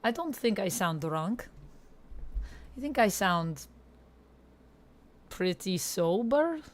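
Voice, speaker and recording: A woman livestreams a game over a headset mic, playfully chatting with viewers in a put-on Russian accent. Her medium-pitched voice is very animated but slow, and she reads chat aloud in a mock-serious manner.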